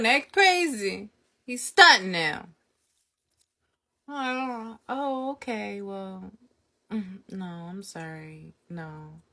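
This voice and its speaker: Animated young woman telling a story. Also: on the low side. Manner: animated, laughs often, acts out quotes. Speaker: vlogger. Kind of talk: storytime vlog, casual retelling.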